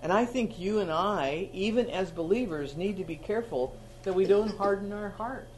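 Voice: medium pitch, moderate pace. A preacher giving a sermon in a conversational teaching style, with sudden emphatic outbursts.

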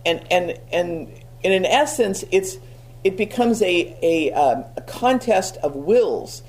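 A woman's voice: on the low side, lively intonation, slow, darkish tone. A woman preaching a sermon in a conversational way, with frequent restarts and repeated words. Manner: many restarts, stammering repeats.

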